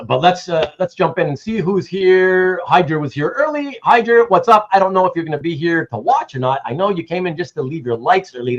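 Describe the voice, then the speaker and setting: This Canadian man runs a casual livestream, his somewhat high voice coming through dull audio. He meanders in conversation, welcomes viewers by name, and curses casually at times.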